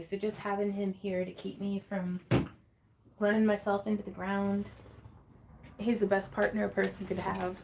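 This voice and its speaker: A woman's voice: medium pitch, vocal fry, background noise. A woman hosting a casual crafting livestream from her home craft space, chatting in a bubbly, giggly way and reading viewer comments aloud.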